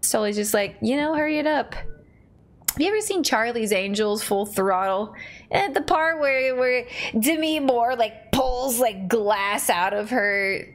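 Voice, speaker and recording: A woman streamer giving casual, joking commentary while playing a video game, often shouting reactions. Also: a little high, expressive, slow. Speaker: gaming streamer. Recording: game audio and music playing behind. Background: game music.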